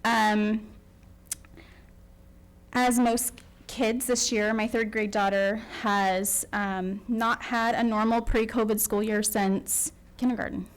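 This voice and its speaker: Woman parent at school board mic, fairly high voice, near tears, halting and apologetic. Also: fairly even intonation, low-quality recording. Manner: emotional, tearful, apologetic, halting with many ums. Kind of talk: public comment.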